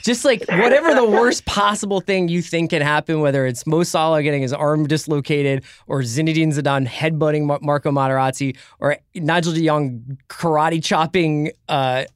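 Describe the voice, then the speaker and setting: A man in a casual sports podcast chat, talking in animated, rambling runs with jokes and restarts. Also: on the high side, normal speed, few pauses, clean tone, no room sound, clean studio sound.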